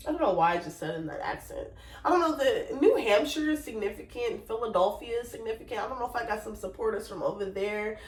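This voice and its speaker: A woman gives a casual tarot reading, talking in a loose, rambling way with fillers and sudden sung exclamations. Her voice sits a little back from the mic in a roomy, echoing space. Her pitch is middling for a woman. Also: expressive, quick pace, recorded from a distance. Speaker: tarot reader.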